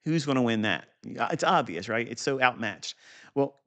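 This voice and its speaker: A man's voice: medium pitch, animated, normal speed, a bit bright. A man teaching trading setups off a chart in an unscripted, blunt and profane way, with boastful asides. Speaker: trading educator.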